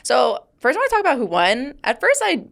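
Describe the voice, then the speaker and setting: A young woman co-hosting a sports podcast, playful and quick to laugh at herself. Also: high voice, wildly swooping pitch, gravelly, fairly bright tone. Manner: playful, giggly, self-deprecating. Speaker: podcast co-host. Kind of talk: casual sports chat.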